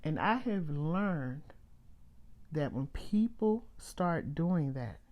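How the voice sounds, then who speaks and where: A middle-aged woman hosting a live motivational talk, speaking emphatically with drawn-out phrases and reading viewer comments aloud. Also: deep voice, expressive, dull audio. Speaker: host.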